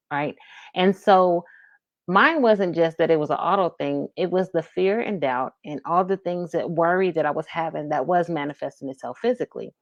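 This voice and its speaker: A woman's voice: low voice, no echo, muffled recording. A middle-aged woman co-hosting a talk show, telling a personal story in an earnest, conversational way. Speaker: podcast co-host. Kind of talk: casual chat.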